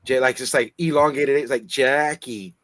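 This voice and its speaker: Male co-host from California, chummy and profane, mid pitch, dry sound. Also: moderate pace, a bit bright, dry recording. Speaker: co-host of a comics livestream. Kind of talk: casual chat. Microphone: livestream setup.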